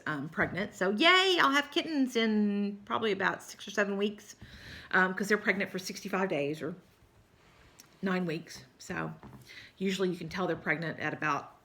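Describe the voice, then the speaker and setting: A woman's voice: medium pitch, pushed and bright. A woman from South Texas with a Texan accent, chatting casually with viewers in a rambling, apologetic way while tired and yawning. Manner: rambling, chatty, apologetic, says y'all often. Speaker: cross-stitch vlogger.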